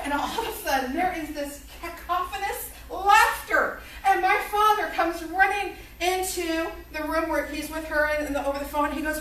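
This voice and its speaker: High-voiced woman telling a lively story. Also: brisk, hardly any pauses, a little hiss or hum. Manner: lively, animated storytelling with acted-out quotes. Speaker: college lecturer. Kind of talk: storytelling lecture. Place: classroom. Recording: echoey room, recorded from far off.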